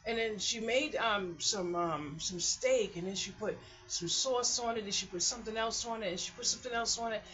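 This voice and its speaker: Middle-aged woman, rambling home vlogger, bright forceful voice, dull lo-fi home recording. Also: mid-range voice, normal speed, hardly any pauses. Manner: rambling and chatty, animated storytelling with laughs. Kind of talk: casual chat. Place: hot apartment room at home.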